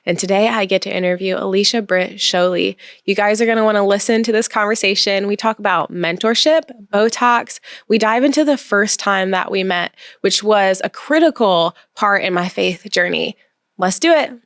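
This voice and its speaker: A woman's voice: medium pitch, moderate pace, fairly bright tone, no room sound, clean studio sound. A woman hosting a podcast, eager and effusive, chatting casually with her guest. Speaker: podcast host.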